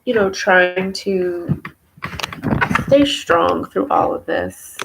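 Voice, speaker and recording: Tearful woman venting, with a gravelly edge. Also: on the low side, drawn-out words, heavy background noise. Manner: rambling, venting with many fillers. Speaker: mother talking to camera. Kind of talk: emotional personal vlog.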